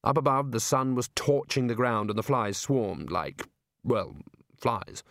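A man narrating an audiobook in a wry, deadpan manner, close to the mic. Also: medium pitch, measured pace, vocal fry, no echo.

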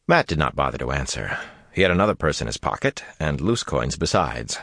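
A man narrating a fantasy audiobook with expressive, dramatic delivery. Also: rumbling low, brisk, creaky, no room sound, clean studio sound.

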